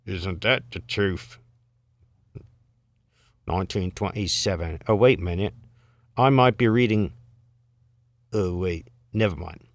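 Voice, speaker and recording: A man's voice: low-pitched, slow pace, long pauses, no echo. A man reading bawdy limericks aloud, chuckling and adding amused asides, swooping into mock voices for the quoted lines. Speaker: reader.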